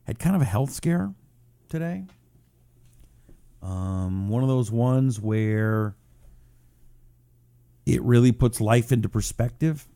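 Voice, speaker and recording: A man's voice: mid-range voice, animated, takes it slowly, pauses often, warm tone, dry recording. A middle-aged man hosting a talk show, chatting casually and reading out viewer check-ins. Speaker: radio talk show host. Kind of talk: casual live-stream chat.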